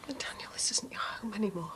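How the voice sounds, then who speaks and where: A woman's voice: medium pitch, animated, quick pace, whispered, close to an everyday voice. An actress playing a firm, insistent mother in a soap opera. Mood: stern. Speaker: mother and sister.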